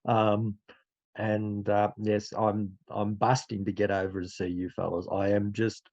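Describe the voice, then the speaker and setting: A friendly Australian man chatting over a video call. His voice is low and gravelly with a husky edge, and the audio comes through dull and muffled. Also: flat delivery, measured pace, darkish tone. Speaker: teacher and church speaker. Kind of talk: casual chat.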